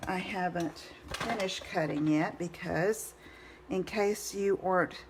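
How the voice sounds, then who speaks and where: Lady doing a live craft demo, chatty and upbeat, kinda low voice, faint hiss behind. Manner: chatty and encouraging, greets viewers by name. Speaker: card-making demonstrator.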